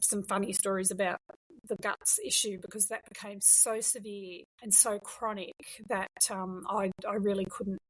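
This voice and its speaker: With a flat delivery at moderate pace, a middle-aged woman of medium pitch gives a frank, emphatic account of her story during a conversational interview. The recording quality is low.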